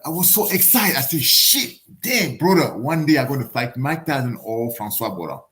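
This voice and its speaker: A man from Africa in his forties, telling a story in broken English on a podcast. He acts out the other people's voices, and his pitch rises and falls a lot. His voice sits at a middling pitch. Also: animated, a little fast. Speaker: guest boxer. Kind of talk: casual storytelling.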